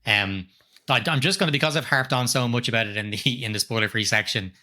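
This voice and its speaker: Middle-aged guy rambling thru a movie review, quick and kinda sharp-toned, swears a lot. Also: mid-range voice. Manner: rambling, restarts often, swears casually. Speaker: podcast co-host. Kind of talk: casual film review chat.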